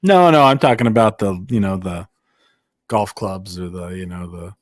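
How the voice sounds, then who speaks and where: A man's voice: deep voice, moderate pace, no echo, clean studio sound. A man hosting a casual podcast chat, telling rambling stories and laughing often. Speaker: podcast host.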